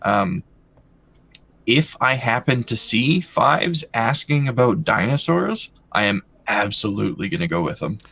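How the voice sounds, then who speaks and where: A man playing a character at a tabletop game, thinking aloud in a measured way about what his character does. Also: mid-range voice, lively intonation, gravelly, fairly bright tone, husky. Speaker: player. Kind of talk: casual game table chat.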